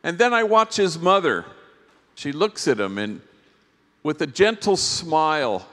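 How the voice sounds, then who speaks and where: A priest giving a workshop talk at a conference, telling stories in a gentle, reflective way with pauses. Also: male voice, on the high side. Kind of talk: storytelling keynote talk. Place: large conference hall. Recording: long hall reverb.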